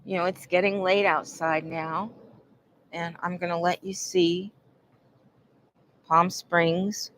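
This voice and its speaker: A woman vlogging outdoors, telling a long personal story in a rambling, aggrieved, animated way. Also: fairly low pitch, takes it slowly, long pauses, slight background noise. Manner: aggrieved and animated, acting out quotes.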